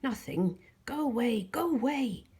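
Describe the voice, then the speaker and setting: A woman voicing a weary, sickly old man with a squeaky voice, sighing and curt. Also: expressive, measured pace, vocal fry, mellow, husky, heavily acted. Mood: grumpy dismissive.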